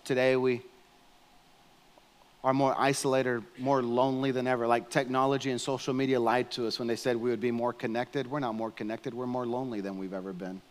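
Earnest pastor preaching in a reverberant church. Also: male voice, medium pitch, level tone, fairly quick. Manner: earnest storytelling, rising to fervent appeals. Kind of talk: sermon. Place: church sanctuary. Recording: long hall reverb in a church.

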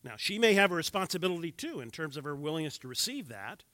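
A man's voice: on the high side, big pitch swings, fast, bright, forceful tone, dry recording. Wry older man presenting to a class. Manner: wry, joking asides to the audience. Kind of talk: church class talk with slides.

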